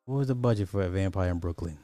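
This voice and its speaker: A man's voice: low-pitched, quick pace, dark tone, no room sound, soft background music. A man hosting a podcast, giving casual, sarcastic commentary and thinking aloud as he looks up numbers. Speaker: podcast host.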